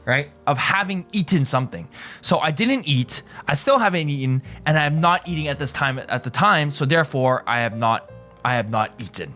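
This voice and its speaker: A man's voice: a little high, expressive, brisk, sharp tone, soft background music. A man teaching in a casual video lesson, explaining in loose restarts and often asking right?. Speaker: language teacher.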